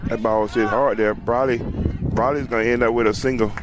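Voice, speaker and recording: A man calls a youth softball game from the sideline in a loose, talkative way. He laughs easily, cheers players on by name and talks to the people watching. He is recorded outdoors at the field. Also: medium pitch, steady tone, brisk, noisy background. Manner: chatty, laughs often, talks to viewers and players. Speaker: sideline livestream commentator. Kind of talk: casual play-by-play commentary.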